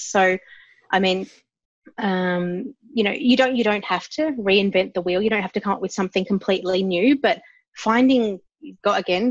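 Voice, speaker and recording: Bold, animated woman talking marketing. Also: medium pitch, dry recording, highs cut off. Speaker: podcast co-host, marketer. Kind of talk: casual business chat.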